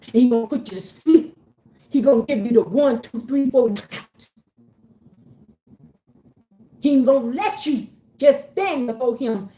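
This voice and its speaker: A woman with a high voice gives a casual religious pep talk to her own community. She is animated and preachy, leaning on slang and saying key lines again and again for emphasis. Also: roomy sound. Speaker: faith community speaker.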